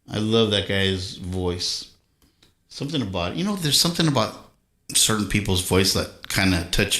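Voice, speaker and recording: A man's voice: on the low side, fairly bright tone. A man hosting a live music stream, chatting casually with viewers between songs in an easygoing, rambling way. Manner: rambling, easygoing, self-interrupting. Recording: roomy, with acoustic guitar behind. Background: acoustic guitar.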